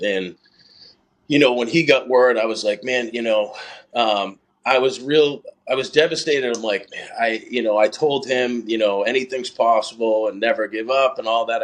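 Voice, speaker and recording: Brief: low-pitched man, thirties, earnest and halting, emotional podcast guest. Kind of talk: casual interview storytelling.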